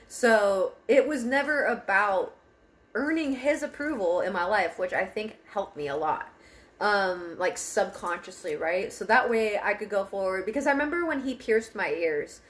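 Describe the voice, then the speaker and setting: A woman's voice: medium pitch, a bit bright. A young woman telling a personal story in a casual car vlog, candid, laughing often and swearing freely. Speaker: vlogger. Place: parked car.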